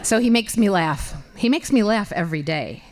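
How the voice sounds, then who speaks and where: A woman in her fifties tells a funny personal story to a live audience. Her pitch swings widely as she acts out her own startled reactions. She talks in a lively, comic way. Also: moderate pace, background noise. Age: 50s. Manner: animated, comic, voices her own exclamations loudly. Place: library event hall.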